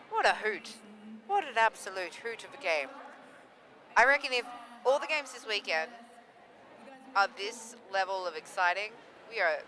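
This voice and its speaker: A playful Australian co-commentator jokes through a live roller derby bout. The voice is bright and forceful at a middling pitch. Faint outdoor noise sits underneath. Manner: playful, jokey, laughs often.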